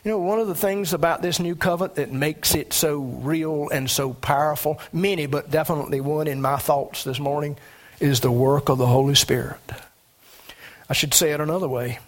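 A man preaching a sermon as a pastor, emphatic, with sudden rises in pitch. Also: steady tone, moderate pace.

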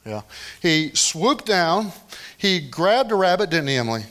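Pastor, middle-aged man, fairly high voice, lively sermon delivery that swings between loud and quiet. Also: a little slow. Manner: animated storytelling, swings from loud to hushed.

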